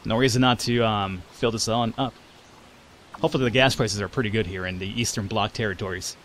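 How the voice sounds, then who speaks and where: A man's voice: fairly low pitch, steady tone, a little fast, fairly bright tone, a little hiss or hum. A man hosting a let's play, talking through a game with sarcastic jokes and casual swearing. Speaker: gaming channel host.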